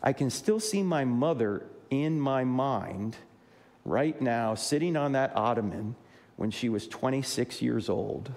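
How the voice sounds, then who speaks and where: A long reverb tail trails this gravelly, mid-range, unhurried voice. The speaker is a man in his sixties from New Jersey, delivering a humorous Christian apologetics talk before a live audience, animatedly voicing the dialogue in his stories.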